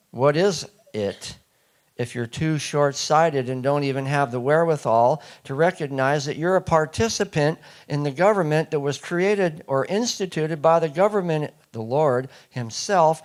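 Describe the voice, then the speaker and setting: A man's voice: fairly high pitch, unhurried. Man giving an emphatic speech. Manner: emphatic, asks the audience rhetorical questions. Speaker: speaker. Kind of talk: speech to a live audience.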